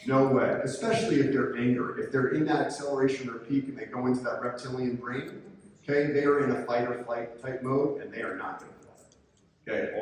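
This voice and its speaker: Man presenting in an echoey hall. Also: medium pitch. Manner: calm, coaching, animated when acting out angry coaches. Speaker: presenter, sports official. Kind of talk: conference presentation. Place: conference room. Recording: echoey hall from far off, faint noise.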